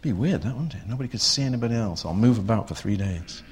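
A man's voice: on the low side, expressive, fast, darkish tone, husky. A man preaching a sermon, talking conversationally and putting rhetorical questions to his listeners.

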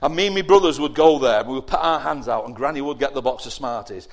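A man giving a lively children's sermon, asking the young listeners questions and acting out whiny voices. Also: medium pitch, fast. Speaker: preacher giving a children's talk.

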